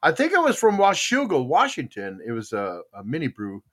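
An older man hosts a laid-back podcast and talks with his live chatroom. His voice is bright and forward, and his pitch swings widely as he wanders through long, meandering stories. He stops to restart sentences, uses plenty of fillers, and chuckles easily. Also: wildly swooping pitch, fairly quick. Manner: rambling storyteller, many restarts and fillers; chuckles often. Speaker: podcast host.

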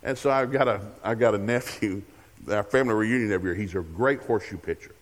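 Older preacher telling jokey family stories. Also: male voice, on the low side, fast, in a large hall. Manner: humorous storytelling with acted-out dialogue. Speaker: guest preacher. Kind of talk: sermon. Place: church sanctuary.

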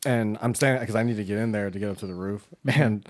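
A man's voice: fairly low pitch, fast talker. A man telling a casual story to a friend, laid-back, with frequent fillers and laughs.

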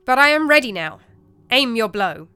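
Woman reader doing a scared but steady young knight, bright, clear tone. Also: a little high, moderate pace, no echo. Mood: resolute. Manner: strained, raised voice holding steady. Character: young male knight, frightened but resolute.

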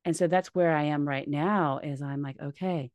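A woman's voice: deep voice, normal speed, darkish tone, no room sound. A woman talking as a podcast guest, candid and heartfelt, swearing casually. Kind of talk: candid conversational interview.

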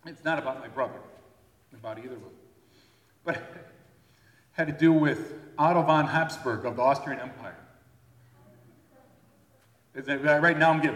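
Male preacher, relaxed conversational sermon delivery, roomy hall sound. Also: mid-range voice, normal speed, pauses often. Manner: conversational, checks in with the audience. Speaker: pastor. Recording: echoey hall.

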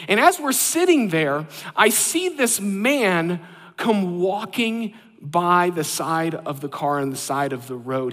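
High-voiced pastor preaching in a reverberant hall. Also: male voice. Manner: self-deprecating storytelling, animated. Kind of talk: sermon with personal story. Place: church sanctuary.

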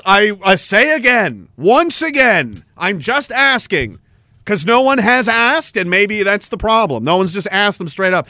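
A man hosting a podcast, delivering a heated, profanity-laced rant that swings into shouting. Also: high-pitched, sing-song, measured pace, no echo. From Canada. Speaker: podcast host. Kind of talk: angry rant.

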